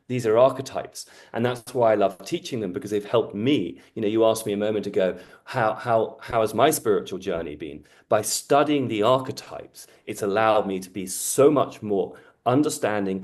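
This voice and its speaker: A man's voice: lowish voice, a little mellow. A man from Britain, an astrologer talking in an earnest, reflective, teaching way. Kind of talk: casual conversation.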